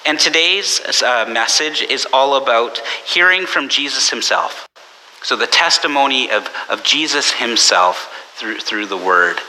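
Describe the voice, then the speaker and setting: Bright-voiced pastor in a reverberant church. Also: male voice, mid-range voice, a little slow. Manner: conversational, anecdotal, with animated quoted voices. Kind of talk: sermon. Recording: long church reverb with faint hiss.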